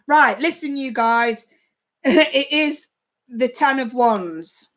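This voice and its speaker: A woman runs a live tarot session for her viewers, her voice sitting a little higher than most. She talks to them in a chatty, blunt way and swears casually. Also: slow pace, fairly bright tone. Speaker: tarot reader. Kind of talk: live-stream tarot reading.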